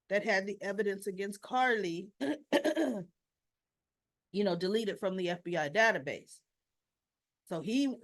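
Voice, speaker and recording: Slow, chatty woman recapping a soap. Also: mid-range voice. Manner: slow, chatty retelling with quoted dialogue. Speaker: soap opera recap host. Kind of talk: casual spoken recap.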